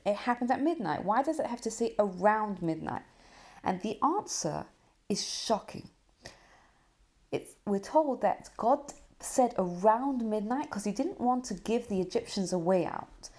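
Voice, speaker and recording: A woman hosting a podcast, giving a Torah lesson as a story, full of rhetorical questions and soft dips for emphasis. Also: medium pitch. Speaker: podcast host and Torah teacher.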